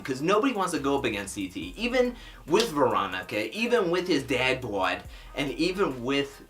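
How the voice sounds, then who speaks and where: A man's voice: medium pitch, sing-song, normal speed, a bit bright. A man casually recapping a reality TV episode in a chatty, sarcastic, offhand way. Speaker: TV recap vlogger. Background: faint music.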